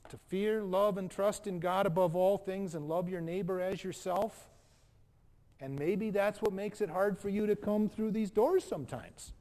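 Male pastor, higher-pitched voice, animated sermon delivery with acted-out quotes. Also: normal speed. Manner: animated preaching, acts out quotes.

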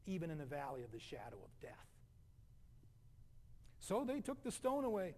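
A middle-aged man delivers a sermon in a notably high voice. He moves between loud, emphatic declarations and soft, hushed passages, like a pastor speaking from the pulpit. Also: wildly swooping pitch, moderate pace, long pauses.

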